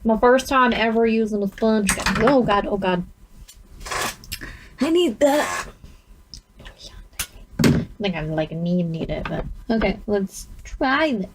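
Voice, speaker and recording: A woman's voice: medium pitch, animated, slow pace, pauses often, noisy background. A woman talking to herself while trying on makeup, rambling and giggling at her own expense. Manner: giggly, self-mocking, rambling. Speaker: vlogger. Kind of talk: casual self-talk while doing makeup.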